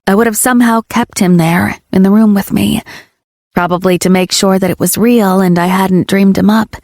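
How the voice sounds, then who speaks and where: Woman audiobook narrator, first-person, expressive, vocal fry, dry close recording. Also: medium pitch, moderate pace, no room sound.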